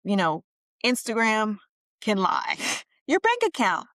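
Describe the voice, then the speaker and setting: A woman with a mid-range voice co-hosts a podcast. She is lively and chatty and often affirms her partner. The sound is close and dry. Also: medium pitch, slow, dry recording. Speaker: podcast co-host. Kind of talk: casual chat.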